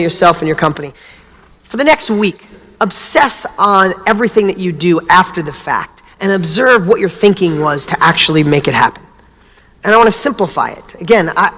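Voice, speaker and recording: Male motivational speaker, middle-aged, animated storyteller, reverberant hall sound. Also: high voice. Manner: animated storytelling, acts out dialogue. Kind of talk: motivational talk.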